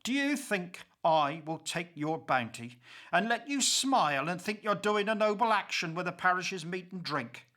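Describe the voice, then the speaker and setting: A man reciting dramatic verse in the role of an old grieving pauper, slow and impassioned. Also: high voice, animated, pushed and bright. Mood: bitter accusing. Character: old grieving male pauper, bitter and accusing.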